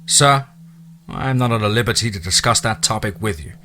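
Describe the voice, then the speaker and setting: A man's voice: fairly low pitch, moderate pace, bright, forceful tone. A man reading the lines of a cold, formal army sergeant who answers in a clipped, mechanical way.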